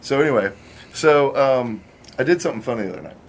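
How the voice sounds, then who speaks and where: A man's voice: mid-range voice, expressive, fast. Middle-aged guy rambling through a story on a sports talk show, voice bouncing around, lots of uhs, faint room noise. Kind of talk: casual chat.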